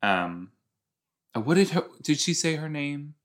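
A man's voice: fairly high pitch, big pitch swings, a little slow, fairly bright tone. A man from the Los Angeles area hosting a podcast, giving rambling, self-mocking reaction commentary and giggling often. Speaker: podcast host.

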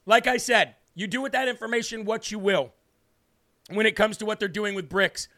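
A man's voice: high-pitched, pushed and bright. A man hosting a political talk show, giving combative, mocking, opinionated commentary. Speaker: host.

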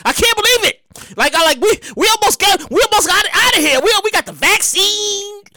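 A woman's voice: very high voice, lively intonation, a little fast, sharp tone, no echo. A woman vlogger ranting in a casual, profane way, stammering and repeating phrases as she reacts.

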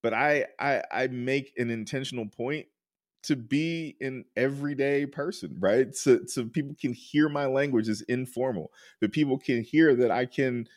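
A man speaking as a counselor in a candid interview, informal and rambling, often asking "right?" and getting loud and high when excited. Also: moderate pace, no echo, studio quality. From United States. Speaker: counselor and podcast guest.

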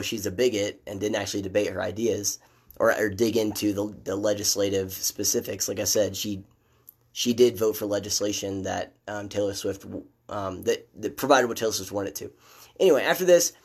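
A man's voice: lowish voice, darkish tone. A man giving critical, sardonic commentary on a documentary, with frequent fillers and restarts. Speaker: political commentator.

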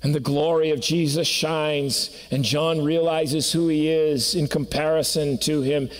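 A man's voice: fairly high pitch, fairly even intonation, unhurried. A man preaching a sermon in a church sanctuary, telling stories earnestly and building to emphatic peaks. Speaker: pastor. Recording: long reverb of a church hall.

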